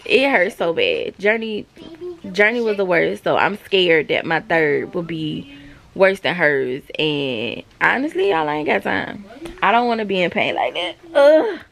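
Gravelly-voiced mom chatting to camera. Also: female voice, fairly low pitch, lively intonation, measured pace, fairly bright tone. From South Carolina, US. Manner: chatty, confiding, talks straight to viewers. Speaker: vlogger, mother. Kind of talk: casual chat to camera. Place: at home.

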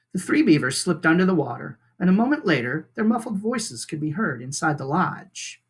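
A teacher reading a children's novel aloud with expressive storytelling. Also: medium pitch, normal speed, hardly any pauses, slightly rough. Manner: expressive storytelling with lively intonation.

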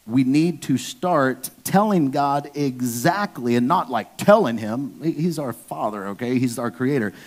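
A man's voice: medium pitch, lively intonation, a little slow, few pauses. A man preaching a casual sermon, slangy and joking, talking straight to the congregation. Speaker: pastor.

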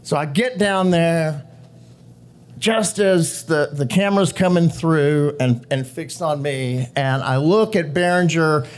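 A man, an actor guest, telling stories at a live show, animated, laughing often and acting out what others said. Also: a little high, slow. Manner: animated, laughing, acts out quotes. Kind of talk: live storytelling to an audience. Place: live show venue with audience.

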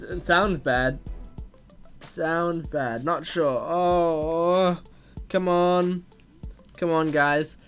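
Excitable man reacting to a text story. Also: a little high. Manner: excitable, gasps and exclaims at twists. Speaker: gaming video host. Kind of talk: reading a text story aloud with live reactions.

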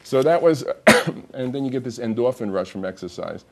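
A man hosts a television health talk show. He speaks in an easygoing, chatty way, addresses the viewers at home directly, and has a voice of middling pitch. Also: lively intonation, moderate pace. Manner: chatty, laughs through his own joke. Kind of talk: casual TV talk.

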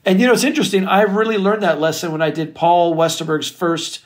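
A middle-aged record producer telling stories in an interview, animated and casual, swearing freely. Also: male voice, sits high, quick pace. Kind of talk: storytelling interview chat.

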